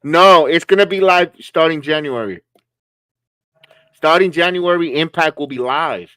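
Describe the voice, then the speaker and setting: A man's voice: on the high side, unhurried, a bit bright, no room sound. A man co-hosting a live watch-along stream, chatting casually and joking as he reacts to the matches. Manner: chatty, reacting with laughs and jokes.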